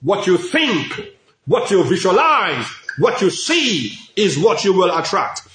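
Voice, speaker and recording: A middle-aged man preaches in a notably high voice, hammering each point through repetition and shouts of praise. The sound carries a roomy echo. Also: sing-song, slow pace. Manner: emphatic, repetitive preaching with frequent praise interjections. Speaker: pastor. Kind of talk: sermon. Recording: echoey room.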